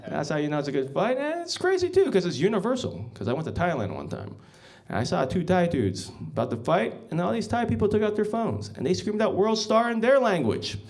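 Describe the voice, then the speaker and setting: A man performs stand-up on a club stage. His voice sits a little high and leaps all over the place. He rambles through deadpan stories, padding them with ums and asides to the crowd. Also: a little fast. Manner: rambling deadpan storytelling with many ums, often says "guys". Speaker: stand-up comedian. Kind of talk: stand-up set.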